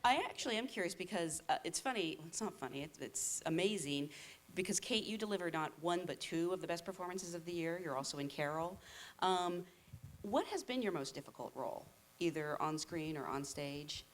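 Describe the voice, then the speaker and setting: A woman's voice: on the low side, animated, a little fast, poor audio. A woman moderating a panel Q&A, asking direct, upbeat questions.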